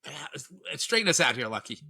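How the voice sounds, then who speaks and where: A man's voice: medium pitch, very animated, fast, vocal fry, bright, forceful tone, breathy edge, no room sound, clean studio sound. A man co-hosting a podcast, cracking teasing jokes and slurring a little after a few drinks. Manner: joking, teasing banter. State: tipsy, slurring slightly. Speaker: podcast co-host. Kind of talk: casual chat.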